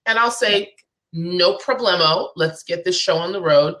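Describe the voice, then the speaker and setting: A woman's voice: fairly low pitch, a little slow, fairly bright tone. A woman guest on a live show, a business coach talking in an emphatic, persuasive way and repeating her key phrases.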